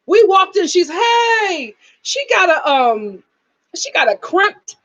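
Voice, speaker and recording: A young adult woman chatting casually as she reviews a reality show, emphatic and animated, acting out the scenes she describes. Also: very high-pitched, takes it slowly.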